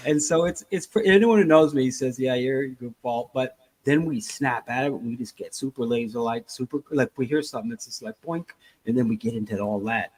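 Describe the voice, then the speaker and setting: A man's voice: mid-range voice, fast talker, few pauses, darkish tone, breathy edge, poor audio. A man co-hosting a casual podcast who rambles and acts out little scenes as he talks. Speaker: podcast co-host.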